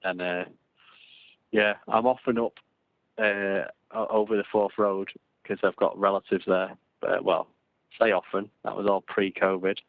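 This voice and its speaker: A man's voice: low voice, flat delivery, unhurried, vocal fry, no room sound. A man co-hosting a casual live-stream chat, rambling and restarting his sentences. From England. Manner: rambling, repeats words, frequent restarts. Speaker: podcast co-host. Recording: tinny phone-like dry sound.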